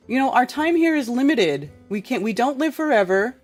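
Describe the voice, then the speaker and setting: A woman's voice: mid-range voice, big pitch swings, fast talker, few pauses, a little mellow, faint music behind. A woman hosting a casual live-stream talk show, speaking in a blunt, profane, exasperated manner. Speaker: podcast host.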